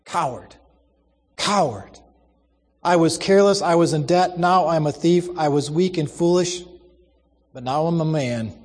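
A remorseful young man, read by a man in a storybook recording. He sounds anguished and self-reproaching, at a slightly raised pitch. A long reverb trails behind his words. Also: a little slow, pauses often.

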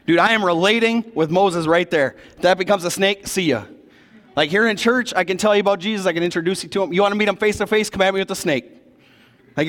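Casual preacher in an echoing hall. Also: male voice, on the high side. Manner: casual, animated retelling of scripture, slangy asides. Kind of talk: sermon. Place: church. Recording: long reverb of a large hall.

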